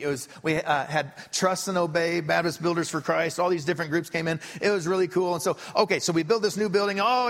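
Male pastor, higher-pitched, animated storytelling sermon, long church reverb. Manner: animated storytelling, voice rising and falling. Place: church sanctuary.

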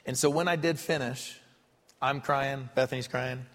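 A man's voice: mid-range voice, normal speed. A man preaching a sermon from a church stage, telling a story with a voice that swings up and down. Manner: animated storytelling, voice rising and falling. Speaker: pastor. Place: church sanctuary. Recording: long reverb of a hall.

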